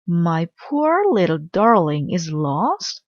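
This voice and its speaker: Doting older lady for a storybook read-aloud, read by a woman; lowish voice, slightly dull. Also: big pitch swings, slow pace, dry recording. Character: fussy older lady dog owner, doting. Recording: slightly dull dry recording.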